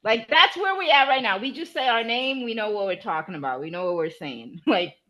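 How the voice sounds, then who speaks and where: A woman's voice: on the high side, expressive, a little fast, bright, forceful tone, slight background noise. A woman from Cape Verde chatting casually as a guest, playful and laughing often. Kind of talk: casual chat.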